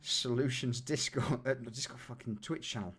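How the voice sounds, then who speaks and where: A man's voice: mid-range voice, normal speed, a bit bright, slightly rough. A man hosting and running a tabletop game stream, chatting casually and candidly with some swearing. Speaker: game master and stream host. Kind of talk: casual chat between sessions.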